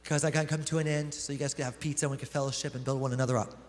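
A man's voice: medium pitch, little pitch movement, racing. A man preaching a sermon as pastor. He reads scripture aloud, then explains it in a conversational way. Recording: long hall reverb.

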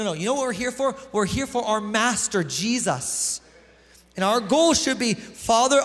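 A man's voice: very high-pitched, fairly bright tone. A man preaching a sermon as pastor. He reads scripture aloud, then explains it in a conversational way. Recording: long hall reverb.

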